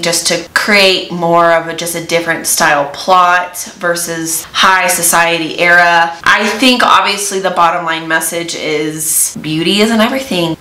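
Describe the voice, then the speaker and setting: A woman recapping a novel's plot in a casual, chatty way, with playful asides, while doing her makeup. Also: on the low side. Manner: animated, lively retelling with playful asides. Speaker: book reviewer. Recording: echoey room.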